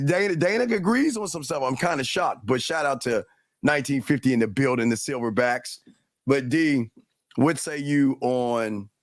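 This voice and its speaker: A man's voice: medium pitch, no room sound, clean studio sound. Rambling man hosting a reaction podcast. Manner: rambling, halting restarts. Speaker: podcast host. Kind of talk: casual reaction chat.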